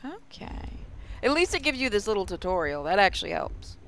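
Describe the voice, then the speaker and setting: A man's voice: high voice, big pitch swings, fairly quick, fairly bright tone. A man hosting a casual let's-play video, chatting and reacting aloud as he plays a game. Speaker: gaming video host.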